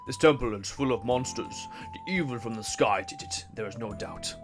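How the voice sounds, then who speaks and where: A man voicing a young male desert warrior who is ashamed and doubts himself, read low and slow in a game let's play. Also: over music, close to an everyday voice. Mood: grim.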